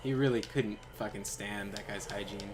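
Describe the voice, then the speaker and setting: This gaming streamer has a lowish voice at a normal speed, with noise behind him. While playing, the young man rambles through a casual story, animated, packed with fillers and quoted voices.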